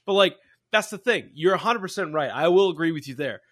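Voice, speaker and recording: A bright, lively man chatting on a gaming podcast, his voice bouncing up and down as he swears freely and laughs a lot. The mic is close and dry, with no room sound, and his tone is slightly raised. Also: fairly high pitch, brisk, no room sound. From Canada. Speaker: podcast co-host. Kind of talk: casual chat.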